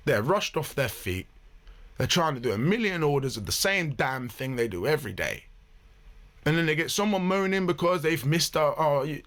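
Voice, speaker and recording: Blunt, animated man reacting to clips. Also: a little high. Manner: blunt, animated, swears freely. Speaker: reaction video host. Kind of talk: casual commentary.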